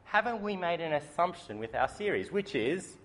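A man giving a sermon, telling a story in a lively, humorous way. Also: a little high, moderate pace. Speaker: preacher. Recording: faint background noise.

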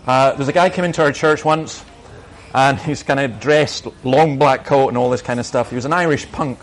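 A man's voice: mid-range voice, normal speed. A middle-aged man, a minister, answering questions in an emphatic, argumentative way and telling anecdotes.

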